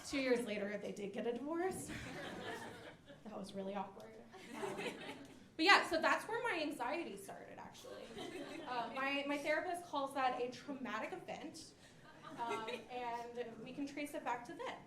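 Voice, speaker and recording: High-voiced woman doing stand-up in a club. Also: lively intonation, moderate pace, a crowd in the background. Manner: chatty, self-deprecating storytelling with many fillers. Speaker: stand-up comedian. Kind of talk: stand-up comedy set. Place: comedy club stage. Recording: roomy club sound with audience laughter.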